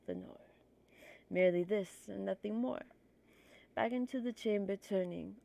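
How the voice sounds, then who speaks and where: A woman's voice: mid-range voice, gravelly, dark tone. A woman streamer with a stuffy nose reading poetry aloud on a livestream, nervous and self-conscious, apologizing for her slips.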